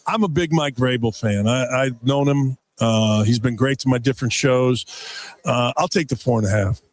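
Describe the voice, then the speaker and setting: A man in his sixties, a radio guest and former player, telling rambling, excitable sports stories and stumbling over repeated words. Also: mid-range voice, moderate pace. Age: 60s. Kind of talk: animated sports radio storytelling. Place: radio row booth at a big game.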